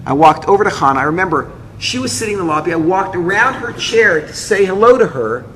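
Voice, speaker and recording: A man's voice: high-pitched, animated, fast, a bit bright. A man, a rabbi, telling a personal story to an audience with lots of feeling. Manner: emotional storytelling, acts out others' lines. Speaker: rabbi and speaker. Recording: echoey hall with faint noise.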